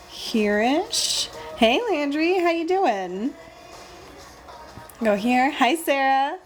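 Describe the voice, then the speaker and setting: A young woman casually chatting on a livestream while she draws, thinking aloud and greeting viewers by name. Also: mid-range voice. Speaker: livestream host drawing stickers.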